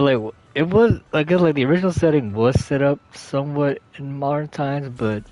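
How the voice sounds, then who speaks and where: Young man, channel host, casual rambling chat, lots of fillers, mid-pitched voice, faint music behind. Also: darkish tone. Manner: rambling, filler-heavy, self-correcting.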